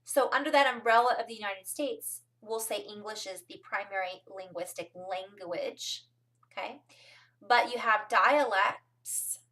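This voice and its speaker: A woman's voice: medium pitch, measured pace, pushed and bright, distant mic. A woman from California rambling through a casual spiritual talk to her viewers, with frequent ums and asides. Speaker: spiritual vlogger.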